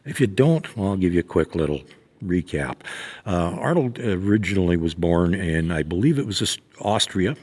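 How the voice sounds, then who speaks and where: A man's voice: sits low, animated, moderate pace, darkish tone, breathy edge. A man giving a casual spoken lesson on horse training, talking in a rambling, folksy way with plenty of fillers and restarts. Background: horses nearby.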